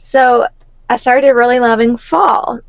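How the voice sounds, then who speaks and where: Mom co-host, chatty and laughing, tired, dry close recording. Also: female voice, a little high, fairly even intonation, takes it slowly, creaky, no echo. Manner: laughing, chatty, talks to listeners as y'all. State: exhausted. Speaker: podcast co-host. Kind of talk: casual podcast chat.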